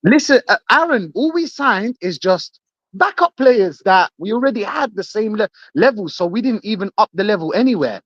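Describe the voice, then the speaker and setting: A man joining a live chat show as a guest, animated and joking, full of shout-outs. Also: high voice, moderate pace, no echo, dull audio. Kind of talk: casual live podcast chat.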